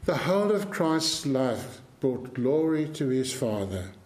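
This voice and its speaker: Slow, emphatic male preacher. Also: mid-range voice, very animated, darkish tone. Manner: slow, earnest and emphatic, repeating key phrases. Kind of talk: sermon.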